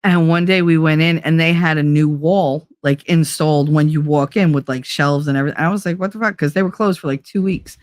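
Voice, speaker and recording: A middle-aged woman with a fairly low voice hosts a relaxed livestream chat. She tells stories with lively energy, swears freely and laughs between lines. Her voice is recorded close and dry, with no room echo. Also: a little fast, few pauses. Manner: animated storytelling, frequent swearing and laughter. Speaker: livestream host reading chat.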